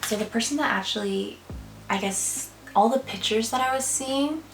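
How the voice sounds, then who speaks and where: A woman's voice: on the high side, normal speed. A young woman in casual vlog talk to camera, chatty and filling her speech with "like" and "um". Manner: chatty, many fillers like "like" and "um". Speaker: vlogger. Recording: echoey room, a bit far from the mic, faint music.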